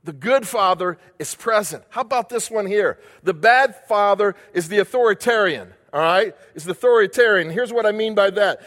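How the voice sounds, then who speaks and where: A man with a high voice preaches a sermon, leaning on repetition and rhetorical questions. His voice carries a long reverb, as if in a large hall. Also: moderate pace, hardly any pauses, a bit bright. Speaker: pastor.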